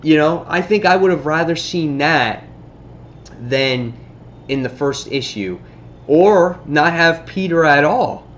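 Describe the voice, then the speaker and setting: A man casually reviewing a comic book on his vlog, excitably retelling the story. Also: fairly high pitch, slow, muffled recording, a little hiss or hum.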